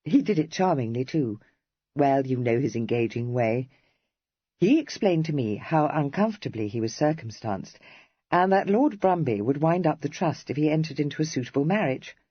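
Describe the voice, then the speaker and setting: A woman's voice: low voice, expressive, breathy edge, no echo, dull audio. A narrator voicing Cressy, a witty, playful young woman of the Regency era, read in an audiobook. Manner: playful, teasing, quick-witted. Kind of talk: audiobook character reading.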